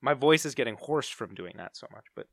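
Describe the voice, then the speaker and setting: A man's voice: mid-range voice, animated, fairly quick, creaky, a bit bright, dry recording, studio quality. A man co-hosting a podcast, chatting in a jokey, theatrical, rambling way. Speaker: podcast co-host. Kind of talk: casual comedic chat.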